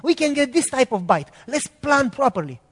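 A man's voice: very high-pitched, very animated, moderate pace, fairly bright tone, slightly rough, in a large hall, pitched above the performer's own voice, heavily acted. A man, acting out the apostle Peter as a doubting fisherman full of excuses, speaking in a pleading, exasperated way.

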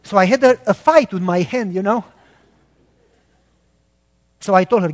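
Man, pastor, high voice, earnest animated sermon storytelling, long hall reverb. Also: unhurried.

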